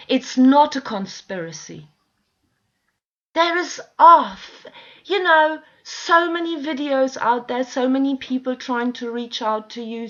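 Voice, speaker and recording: High-voiced woman venting on a home vid, slow and fed up, swears a lot, muffled lo-fi sound. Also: fairly bright tone. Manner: exasperated, pleading, swears often. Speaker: vlogger. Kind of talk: emotional direct-to-camera rant. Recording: dull lo-fi home video sound.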